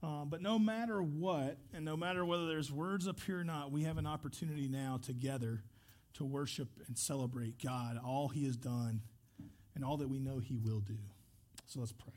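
In a church service, a man pastor prays and recounts a story with earnest, conversational delivery and occasional restarts. His voice runs on the high side, a little mellow, at normal speed.

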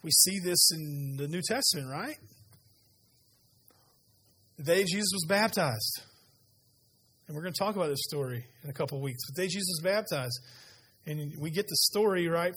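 Animated pastor preaching, voice fairly high. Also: male voice, breathy edge. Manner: animated storytelling, conversational asides. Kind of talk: sermon. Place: church sanctuary.

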